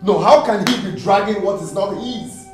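A man's voice: high voice, normal speed, roomy sound, over music, close to an everyday voice. An actor with a Nigerian accent playing a young father who angrily defends his claim to his son in a film drama. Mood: indignant. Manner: indignant, emphatic, repeats himself.

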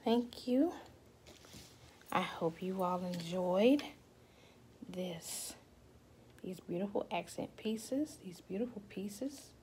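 A woman selling jewelry in a vlog, slowly naming each piece and now and then dropping to a whisper. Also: mid-range voice, darkish tone, slight background noise. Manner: slow, repetitive, drops to whispers at times. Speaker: jewelry seller. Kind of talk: product showcase vlog.

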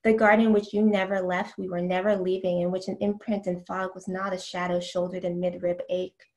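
Woman, poet, poetry reading, slow deliberate lines, ums between poems. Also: lowish voice, flat delivery, a little mellow.

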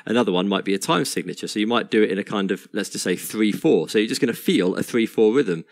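Deep-voiced man teaching piano. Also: fast talker. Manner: relaxed, chatty, counts beats aloud while playing. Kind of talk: casual instructional talk over piano playing. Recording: piano playing loud behind the voice.

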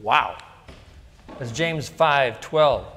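A man's voice: mid-range voice, drawn-out words, sharp tone, breathy edge, big-room sound. A middle-aged male pastor giving a casual, story-filled sermon that is full of asides and rhetorical questions to the congregation. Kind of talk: conversational sermon. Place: church sanctuary.

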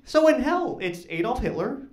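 A man doing a stand-up comedy set on stage, talking in an awkward, deadpan way that rises into loud punchlines. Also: extremely high pitch, normal speed. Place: comedy club stage with live audience. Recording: echoey club with audience noise.

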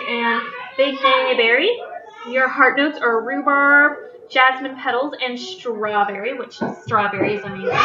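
Recorded from a distance through heavy background noise, a high-voiced woman reads descriptions of scented wax products aloud, occasionally fumbling words. She's a vlogger chatting casually in her kitchen at home. The dull, lo-fi sound carries echo from the room, plus music in the background.

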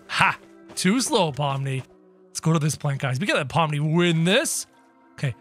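A high-pitched man narrating his gameplay with wildly swooping, animated intonation. He reacts to everything in an excitable, exaggerated way, with faint game music playing behind him. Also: normal speed. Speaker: gaming channel host. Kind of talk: playful game commentary.

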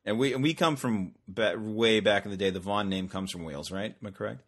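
A man's voice: lowish voice, quick pace, fairly bright tone. A man hosting a casual podcast, joking and rambling with frequent restarts. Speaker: podcast host.

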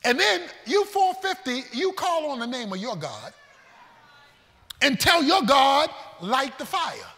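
A man preaching a sermon, storytelling with folksy humor and swinging between shouts and hushed asides. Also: very high voice, slow, in a large hall. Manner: animated preaching, shouting and then dropping to a hush. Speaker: pastor.

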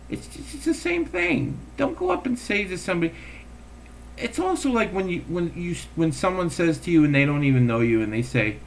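A man's voice: sits high, sing-song, normal speed, creaky, a little hiss or hum. A man hosting a casual solo talk show, telling stories in an exasperated way, acting out the people he quotes and swearing now and then. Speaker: host.

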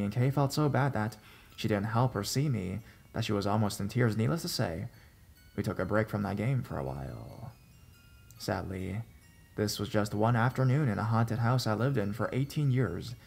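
Gravelly man narrating a horror story. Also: on the low side, a little mellow. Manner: measured, suspenseful storytelling. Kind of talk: scripted first-person narration.

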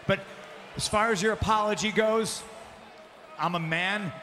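High, bright man taunting in an arena. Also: measured pace. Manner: taunting, mocking, often shouting. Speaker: pro wrestling champion. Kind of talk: arena wrestling promo. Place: large arena. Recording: long arena reverb with faint background noise.

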